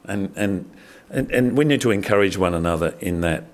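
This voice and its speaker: A middle-aged man preaching a sermon in a conversational, animated way, with frequent fillers and restarts. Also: low voice, moderate pace. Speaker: pastor.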